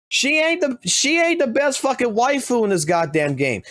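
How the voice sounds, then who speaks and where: A man's voice: high-pitched, sing-song, a little slow, hardly any pauses, fairly bright tone, no room sound, studio quality. A man who streams games, ranting heatedly and swearing constantly. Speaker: game streamer. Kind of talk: profane gaming rant.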